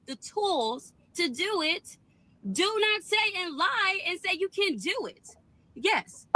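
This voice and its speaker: Indignant high bright young woman. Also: no echo, poor audio. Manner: indignant, emphatic. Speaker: storyteller in a clip. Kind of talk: casual storytime complaint.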